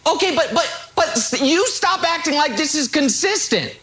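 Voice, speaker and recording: A man's voice: very high voice, expressive, normal speed, over a noisy crowd. Wry man moderating a sports debate. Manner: wry, sarcastic interjections. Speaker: sports debate show host.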